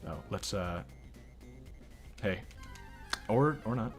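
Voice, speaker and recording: A man's voice: fairly low pitch, animated, slow, soft background music. A young man hosting a let's play, rambling and incredulous in casual game commentary.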